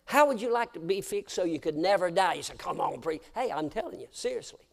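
High-voiced preacher swinging from hush to shout. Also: male voice, animated, brisk, vocal fry. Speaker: pastor. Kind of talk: sermon. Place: church sanctuary.

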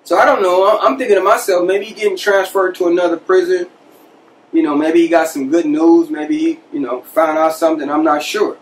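A man casually telling a personal story from his past as a podcast host, conversational and animated, acting out the people he quotes. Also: on the high side, fairly quick, distant mic, slight background noise, poor audio.

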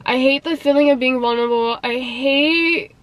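A young woman with a high, light voice talks straight to her viewers in a loose, confessional vlog. She rambles and leans on "like" and "you know" between her thoughts. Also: normal speed, no room sound, low-quality recording. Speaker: vlogger. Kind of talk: casual confessional chat.

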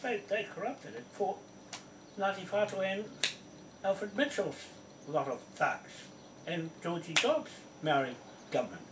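A man's voice: high voice, lively intonation, unhurried, noisy background. A man speaking to camera in a rambling, accusing monologue, stressing his points and repeating himself. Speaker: land claimant addressing viewers. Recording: roomy echo from a distant mic.

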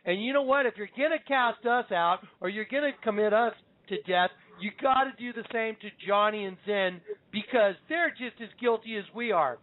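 A man's voice: high voice, moderate pace, few pauses, natural voice. Man voicing defiant guilty older brothers. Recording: phone-line audio.

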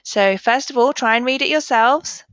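A woman teaching a children's phonics lesson, sounding out letters and words slowly and clearly. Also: on the high side, fairly bright tone, dry recording.

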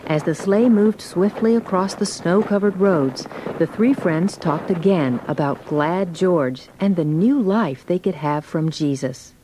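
A woman narrates a children's storybook read-along, reading gently and clearly. Her voice sits a little low for a woman. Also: measured pace, slight background noise, low-quality recording.

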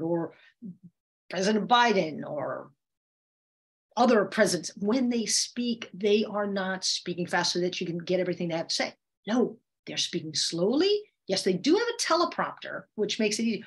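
A woman's voice: mid-range voice, husky. A woman communication coach teaching a webinar, who often changes her voice to demonstrate her points.

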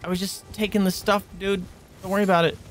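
A man streaming a video game, reacting loudly and excitably: he yelps and squeals at enemies, coos at animals in baby-talk, and drops to a hush when sneaking. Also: high voice, fast talker, faint music behind. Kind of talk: live gameplay commentary.

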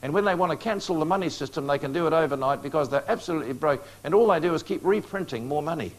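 A man's voice: a little high, expressive, fast talker. A man preaching a prophecy lecture to a live audience, coaxing responses with questions and joking asides.

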